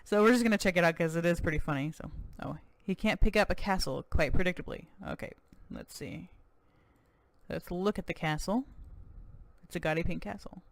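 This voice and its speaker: A let's-play host giving casual, chatty commentary with quick self-deprecating asides. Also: mid-range voice, vocal fry, no echo.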